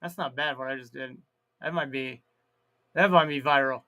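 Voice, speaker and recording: Hosting a casual live stream, a man with a mid-range voice and steady tone reads viewer comments aloud and laughs at his own jokes. He drags out words and bursts into sudden loud outbursts.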